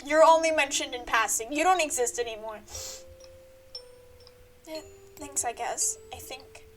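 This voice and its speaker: Young female let's-play host, high and bubbly, quick to exclaim. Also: fairly bright tone, soft background music. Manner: playful, exclamatory. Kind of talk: game commentary and dialogue reading.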